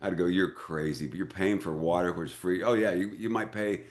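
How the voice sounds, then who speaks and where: An older American man, an actor and director, telling lively anecdotes in an interview and acting out the voices in them. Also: low voice, a little fast. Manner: animated storyteller who acts out quoted voices. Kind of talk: casual interview storytelling.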